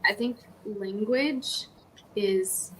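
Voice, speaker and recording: A woman chatting on a live writing stream, mid-pitched and unhurried as she works through her thoughts out loud. Her talk is casual and a little rambling, with faint room noise behind her. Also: poor audio. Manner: thinks aloud, musing and a little rambling. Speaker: writer co-host of a writing stream.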